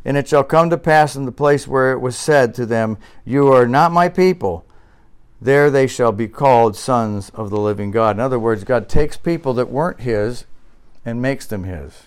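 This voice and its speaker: A man's voice: medium pitch, normal speed, clear, resonant tone. A man preaching a sermon to his congregation, asking rhetorical questions and building to emphatic, raised passages. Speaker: pastor.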